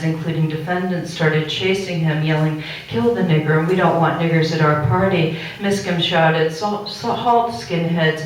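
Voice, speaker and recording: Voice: mid-range voice, a little hiss or hum. A poet giving a live conceptual poetry reading of found transcripts in an art gallery. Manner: recites found speech and court record text aloud. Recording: very echoey room recorded from far off.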